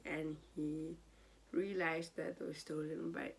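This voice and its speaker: A woman giving a casual, animated and exasperated recap of a soap opera episode. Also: sits low, slow, gravelly, breathy edge.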